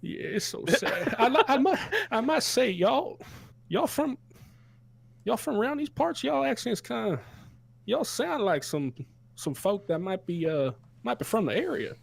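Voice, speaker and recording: A man's voice: very high voice, very animated, unhurried, vocal fry, no room sound, exaggerated voice. A man putting on a drunk old farmer. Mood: rambling. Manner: folksy, rambling, drawling. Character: drunk old male sheep farmer, rustic and mournful.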